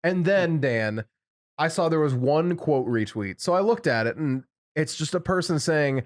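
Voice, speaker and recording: A man's voice: a little high, lively intonation, normal speed. A man co-hosting a casual podcast, telling rambling stories with wry, sarcastic asides. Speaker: podcast co-host.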